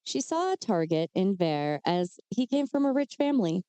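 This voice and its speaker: A woman's voice: medium pitch, sing-song, normal speed, mellow, clear, resonant tone, no echo. A woman co-hosting a podcast, telling true crime cases in a casual way with chatty asides. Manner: reads case details with chatty asides and fillers. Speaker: podcast co-host.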